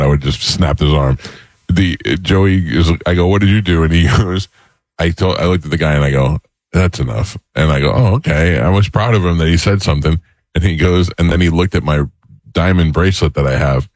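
A man's voice: sits low, no room sound. A middle-aged man hosting a radio show, telling rambling comic stories in casual banter.

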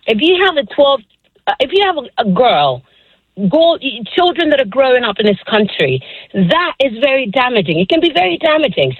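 Woman from africa calling in, earnest, kinda high voice, tinny phone line. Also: no room sound. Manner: earnest, repeats herself. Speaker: caller. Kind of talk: call-in to talk radio.

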